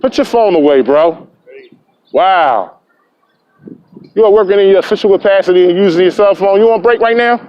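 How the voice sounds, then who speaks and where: Man, high-pitched, needling and preachy, muffled handheld street recording outdoors. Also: moderate pace, pauses often. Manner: taunting, repetitive, lecturing. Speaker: camera-carrying activist filming police. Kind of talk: confrontational street argument.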